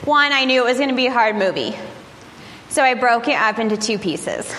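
Higher-voiced woman preaching in a reverberant hall. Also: expressive, a little fast, fairly bright tone. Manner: candid storytelling with frequent laughs and fillers. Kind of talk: conversational sermon. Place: church service. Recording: reverberant hall with faint noise.

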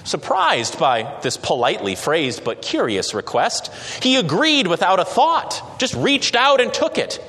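A man narrating a story slowly and dramatically, with occasional hesitations. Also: sits high, wildly swooping pitch, pushed and bright. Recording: long reverb.

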